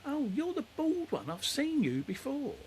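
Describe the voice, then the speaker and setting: A man putting on the voice of a chatty, lonely old woman neighbour, high and gushing. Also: wildly swooping pitch, measured pace, a little hiss or hum, heavily acted. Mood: sweet.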